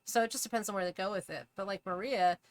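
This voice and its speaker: Chatty woman co-hosting a game talk. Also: mid-range voice. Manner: chatty, casual, quick agreement. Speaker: co-host. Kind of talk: casual podcast chat.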